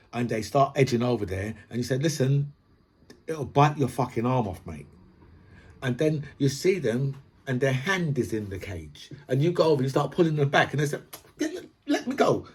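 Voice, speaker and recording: Husky-voiced podcast host, raised pitch, profane opinion rant. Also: male voice, a little mellow. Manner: swears freely, builds long analogies, repeats "right?".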